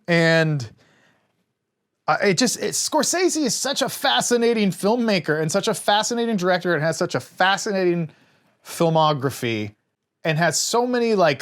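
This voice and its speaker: A man co-hosting a casual movie review podcast, playful and quick to laugh. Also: high-pitched. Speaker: podcast co-host.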